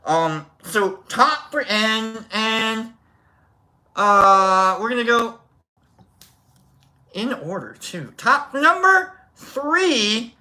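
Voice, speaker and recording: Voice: mid-range voice, animated, very slow, pauses often, sharp tone. A live stream host chatting casually, telling a rambling story and greeting viewers in the chat.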